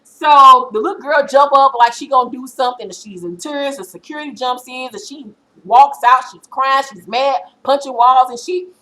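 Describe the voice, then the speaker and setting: Bright-toned blunt woman vlogger. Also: high voice, normal speed, low-quality recording. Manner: blunt, profane and animated storytelling. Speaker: TV recap vlogger. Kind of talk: casual reality-TV recap.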